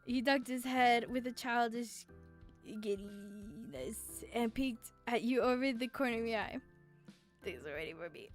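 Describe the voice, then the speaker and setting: Young female streamer, high voice, reads game text aloud, gets teary and swears casually. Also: a little slow, faint music behind. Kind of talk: reading a romance game aloud while playing.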